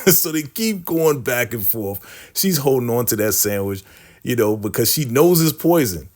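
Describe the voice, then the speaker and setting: A man's voice: mid-range voice, lively intonation, normal speed, darkish tone. A man giving a casual TV episode recap, chatty, laughing often and addressing his viewers. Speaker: TV recap vlogger.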